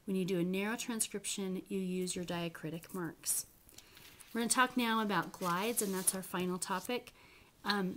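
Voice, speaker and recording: A woman giving a classroom presentation on phonetics, who speaks slowly and carefully, sounds out example words and corrects herself as she goes. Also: medium pitch, a little hiss or hum.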